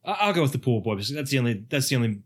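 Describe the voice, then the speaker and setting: A man talking casually with friends about a horror film, relaxed and offhand, swearing now and then. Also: medium pitch, racing, husky. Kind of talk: casual movie review chat.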